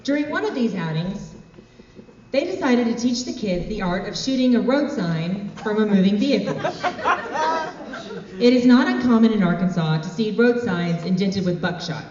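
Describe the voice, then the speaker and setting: A woman telling a comic personal story on stage with deadpan, wry asides. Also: mid-range voice, normal speed. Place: stage in a hall. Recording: echoey hall, far from mic, dull.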